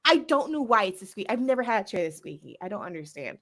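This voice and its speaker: An American woman in casual chat as a podcast co-host, giggly and quick to laugh, talking in an animated way. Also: mid-range voice. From United States.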